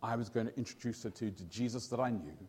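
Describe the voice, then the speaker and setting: Pastor telling a playful sermon story. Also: male voice, medium pitch, fast, breathy edge, in a large hall. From England. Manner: animated, jokey, quizzes the audience.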